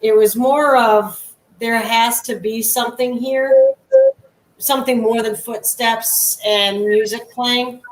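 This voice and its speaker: A woman's voice: fairly high pitch, animated, takes it slowly. A woman who is a guest paranormal investigator, telling stories casually and laughing along the way. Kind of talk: casual storytelling. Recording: roomy and distant from mic.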